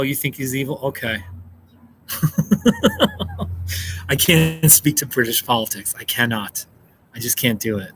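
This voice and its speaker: A man's voice: medium pitch, sharp tone, slight background noise, rough recording. An American man hosting a casual live stream, chatting and reacting to viewer comments with frequent laughs. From United States. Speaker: livestream host. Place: indoors, seated at a table.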